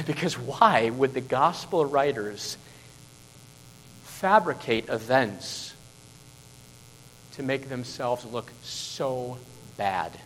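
A man preaching a sermon as pastor, emphatic and full of rhetorical questions, dropping to a hush and then rising to loud stresses. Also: medium pitch, extremely slow, long pauses, big-room sound, a little hiss or hum, low-quality recording.

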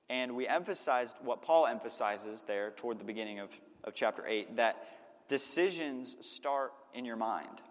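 Young man preaching in a reverberant hall. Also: medium pitch. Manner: emphatic, stresses key words, slows on points. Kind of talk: sermon. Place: church sanctuary.

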